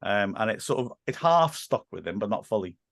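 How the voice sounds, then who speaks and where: A man's voice: on the low side, animated, brisk, gravelly, no echo, studio quality. Self-deprecating male commentator telling stories. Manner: self-deprecating, laughs often. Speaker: football match commentator, podcast guest; English teacher. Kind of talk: casual storytelling chat.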